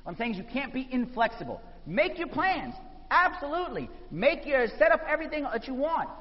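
A man preaching a sermon, telling the story with animated voices for the people in it. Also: very high voice, fairly quick. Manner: animated storytelling, acting out quotes. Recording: dull sound in a reverberant hall.

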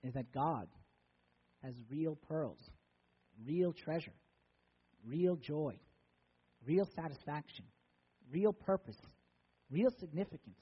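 A male pastor preaching a sermon in a church, telling a story that swings between loud and soft. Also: on the high side, animated, takes it slowly, long pauses, husky, in a large hall, lo-fi sound.

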